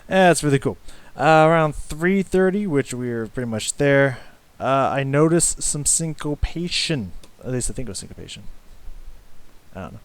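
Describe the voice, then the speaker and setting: A man giving casual music reaction commentary, rambling and halting with many fillers and restarts, swearing casually and humming along with the riffs. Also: mid-range voice, lively intonation, no echo. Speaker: music reaction channel host.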